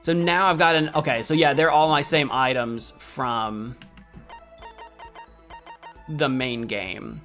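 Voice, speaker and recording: A man's voice: mid-range voice, takes it slowly, pauses often, a bit bright, soft background music. A man streaming a video game, chatting casually, laughing often and thinking aloud as he reacts to what happens on screen. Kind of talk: casual let's-play commentary.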